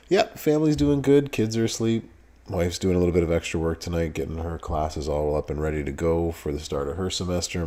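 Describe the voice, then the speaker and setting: Deep-voiced man chatting on a live stream. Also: dark tone. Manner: laid-back, greets chat viewers by name, laughs often. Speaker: streamer host. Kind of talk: casual live-stream chat.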